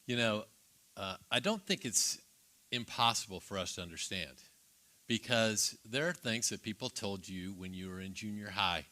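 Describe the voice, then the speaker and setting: A man's voice: lowish voice, moderate pace, sharp tone. A man, a church pastor, speaking thoughtfully in a conversation. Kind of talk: reflective conversation.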